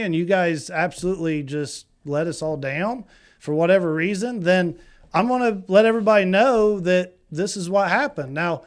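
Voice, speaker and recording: A man's voice: sits high, normal speed. Blunt teasing male podcast co-host. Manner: blunt, teasing, restarts sentences. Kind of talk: casual local podcast chat.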